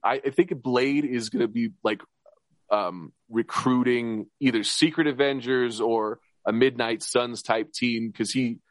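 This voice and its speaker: In this relaxed podcast conversation, the male co-host gets worked up and talks quickly, jumping between ideas, breaking off to restart sentences, and laughing along the way. He speaks at a typical mid pitch, captured up close in a dry recording with no room ambience.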